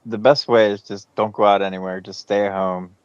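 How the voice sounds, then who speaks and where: Very deep-voiced man on dull audio. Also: flat delivery, fairly quick, clear, resonant tone, no echo. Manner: laid-back, plain-spoken, offers folksy advice. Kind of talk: casual live-stream chat.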